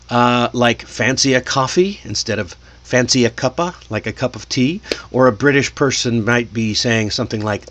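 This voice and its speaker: An American man talks through an English lesson at a mid-range pitch. He is chatty and lively, asks the listener questions and laughs easily. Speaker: English teacher. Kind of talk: casual video lesson.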